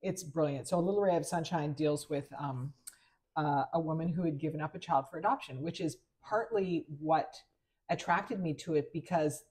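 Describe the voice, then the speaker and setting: A woman novelist co-hosting a casual chat podcast, a lively storyteller who slips into the voices of people she quotes. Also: low-pitched, normal speed. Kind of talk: casual chat over wine.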